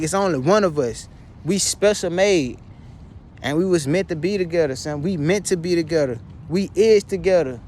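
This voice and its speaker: Male vlogger with a high voice. Raw, blunt, profane, circling back to the same pleas. Faint noise behind. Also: a little mellow. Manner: pleading, repetitive, blunt and profane. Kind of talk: emotional personal monologue to camera.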